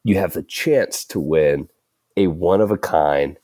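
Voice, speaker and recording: Brief: male podcast host with a deep voice, easygoing and chuckly, dry booth sound. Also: a little slow, dark tone, no room sound. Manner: laid-back, filler-heavy, chuckling. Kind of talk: casual podcast chat.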